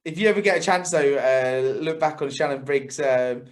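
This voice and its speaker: A man's voice: mid-range voice, moderate pace. A man chatting casually as a podcast co-host, laughing often and swearing freely. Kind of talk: casual sports podcast chat.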